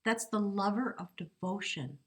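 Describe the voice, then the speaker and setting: A woman's voice: mid-range voice, moderate pace. A woman giving a tarot card reading to camera, earnest and coaxing, often checking in with the viewer. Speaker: tarot reader.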